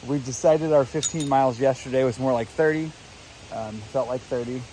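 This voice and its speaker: A man's voice: medium pitch, steady tone, brisk, warm tone, slight background noise, poor audio. A man casually vlogging to a handheld camera at a damp outdoor campsite, chatty and tired from hiking. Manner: chatty, upbeat, laughs easily. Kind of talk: casual trail vlog to camera.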